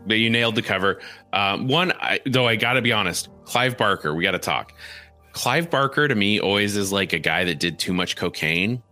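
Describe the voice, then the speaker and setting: Animated joking man co-hosting. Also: on the low side, normal speed, soft background music. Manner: animated, joking, slips into silly impressions. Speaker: podcast co-host. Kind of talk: casual movie review chat.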